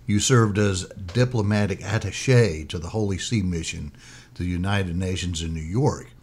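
A male interviewer with a somewhat low voice asks questions in a hesitant way. He strings his thoughts together with fillers before landing on the question. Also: moderate pace, darkish tone, husky.

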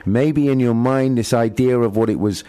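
A man's voice: medium pitch, normal speed, mellow, clear, resonant tone, dry recording. A man interviewing an older guest, asking questions and giving brief encouraging replies.

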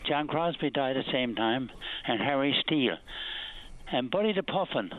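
A man's voice: mid-range voice, expressive, moderate pace, slight background noise. A man in his eighties with a Newfoundland accent, calling into a radio show and rambling through stories. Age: 80s. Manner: rambling, storytelling. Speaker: caller. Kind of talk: phone-in call. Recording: tinny phone line.

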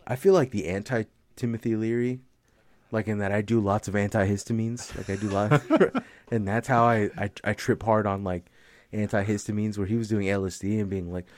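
A man's voice: lowish voice, level tone, brisk, darkish tone. Rambling, profane young man. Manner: profane, rambling, laughs often, filler-heavy. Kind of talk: casual rambling chat.

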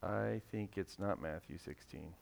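A pastor with a low, creaky voice preaches a sermon in a conversational way, speaking a little slowly. He reads scripture and now and then acts out the voices he quotes.

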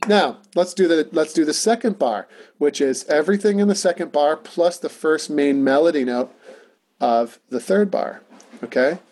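A man's voice: fairly high pitch, normal speed, noisy background. A man teaching a casual music lesson, talking through rhythms and singing them on simple syllables. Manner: talky, encouraging, sings rhythm syllables.

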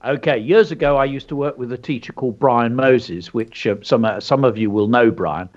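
A man's voice: mid-range voice, normal speed. A man co-hosting a children's show, speaking in an enthusiastic, teacherly way and stressing words carefully. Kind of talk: educational chat for children. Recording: dull lo-fi sound.

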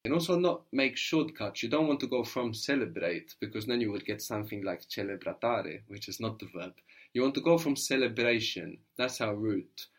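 A man with a lowish voice teaches a language lesson. He is patient and encouraging, modeling words slowly, syllable by syllable.

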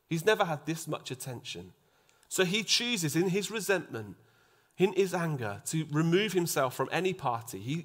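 A man preaching a sermon, acting out the voices in the story and dropping to a soft hush for emphasis. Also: fairly high pitch. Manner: animated, acts out quoted voices, drops to a soft hush for emphasis.

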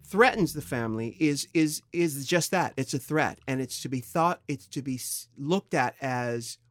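A middle-aged man from San Diego, co-hosting a podcast in candid, casual talk, thoughtful and halting with expressive swings in pitch. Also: dry recording. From San Diego, California. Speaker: podcast co-host.

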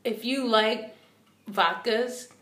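A woman's voice: a little high, slow, pushed and bright, roomy sound. A woman co-hosting a casual travel chat, enthusiastic and emphatic, swearing casually. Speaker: co-host.

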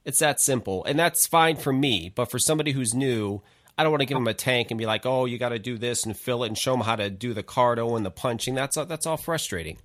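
A man hosting a casual live talk show in a chatty, informal way with halting restarts. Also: medium pitch, fairly bright tone, dry recording, studio quality. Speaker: host. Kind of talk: casual chat.

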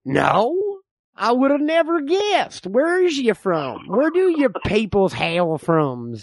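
A man voicing a nosy, rambling, bigoted old frontier man who talks in slow, folksy slang. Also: extremely high pitch, wildly swooping pitch, vocal fry, dry recording, studio quality, full character voice. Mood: suspicious.

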